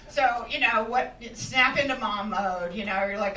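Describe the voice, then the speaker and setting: A woman's voice: medium pitch, normal speed, hardly any pauses, pushed and bright, slight background noise. A middle-aged woman performing a stand-up set on a comedy club stage, wry and conversational, often laughing as she talks. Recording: roomy club sound from a distance. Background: audience laughter.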